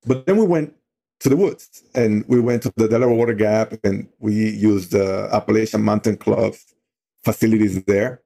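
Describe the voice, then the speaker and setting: A man's voice: on the low side, normal speed, gravelly, mellow. A middle-aged man leading a youth outdoor program, telling a story in a loose, conversational way with lots of "you know" fillers.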